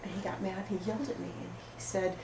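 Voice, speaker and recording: A woman's voice: mid-range voice, fairly even intonation, fast talker, vocal fry, mellow, natural voice. Woman playing an oversensitive, rambling support-group member. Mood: wounded. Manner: rambling, apologetic, emotionally raw. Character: oversensitive, apologetic woman pouring out her woes. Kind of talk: improvised film monologue. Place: roomy studio space. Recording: echoey room, far mic, background noise.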